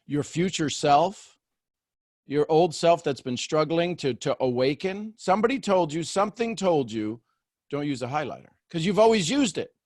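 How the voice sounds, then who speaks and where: Male coaching host, higher-pitched, animated, acts out voices, dry close recording. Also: moderate pace, dry recording. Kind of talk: coaching call with participants.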